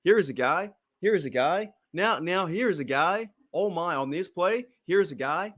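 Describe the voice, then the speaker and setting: Big dramatic american sports announcer guy, an aussie bloke putting on the accent, a bit higher than his normal voice. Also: expressive, normal speed, fairly bright tone. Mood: hyped. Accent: put-on American. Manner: dramatic repeated announcer build-up. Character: male American football announcer, booming and dramatic.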